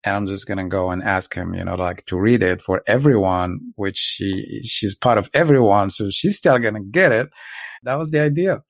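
A man's voice: lowish voice, moderate pace, gravelly, no echo, clean studio sound. A man from Morocco, co-hosting a podcast in a reflective, hesitant way with many restarts. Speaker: podcast co-host. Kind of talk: casual conversation.

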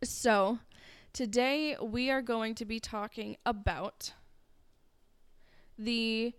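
A woman's voice: fairly high pitch, fairly even intonation, drawn-out words, clean tone, no room sound. A woman co-hosting a true crime podcast, chatting casually and telling the story with friendly asides. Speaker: podcast co-host.

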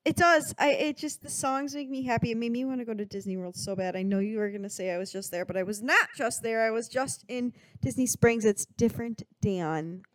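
Young woman co-host, bubbly teasing chatter, bright high register. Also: no room sound. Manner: gushing, playful, quick to tease. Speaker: podcast co-host. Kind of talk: casual chat.

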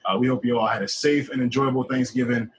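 A man's voice: medium pitch, steady tone, fast talker, breathy edge, rough recording. A man co-hosting a casual wrestling chat podcast, often stammering and repeating words. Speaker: podcast co-host.

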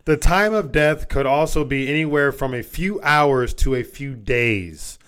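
A man's voice: mid-range voice, measured pace, fairly bright tone, smooth. A man co-hosting a casual podcast, reading notes aloud, stumbling over words and swearing freely. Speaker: podcast co-host.

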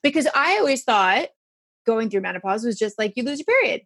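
A woman in her forties hosting a casual chat, frank and animated, swearing freely and laughing often. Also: a little high, fairly quick, no room sound. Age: 40s. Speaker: podcast host.

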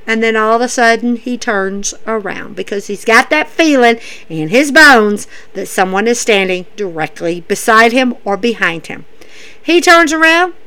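A woman casually recapping wrestling events, animated, dropping her voice to act out what the wrestlers say. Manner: animated, acts out wrestlers' lines in a lowered voice.

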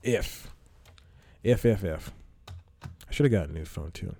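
A man's voice: deep voice, expressive, unhurried, gravelly, warm tone, slight background noise. A man hosting a casual solo podcast from a small apartment room, rambling and self-mocking, laughing often. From Georgia, USA. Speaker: podcast host. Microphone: headphones and studio microphone.

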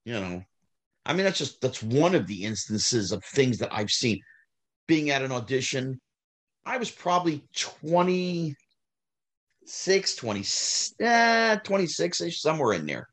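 A middle-aged man in relaxed conversation whose voice swings widely in pitch, leaping up when he gets worked up and dropping low at the ends of thoughts. His tone is mid-pitched and expressive. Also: unhurried. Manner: animated, rises sharply when heated, trails off low. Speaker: guest, former child actor. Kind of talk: casual storytelling interview.

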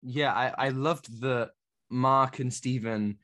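A man's voice: mid-range voice, fairly even intonation, takes it slowly, fairly bright tone. Chatty man reviewing a show. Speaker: podcast co-host. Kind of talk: casual review chat.

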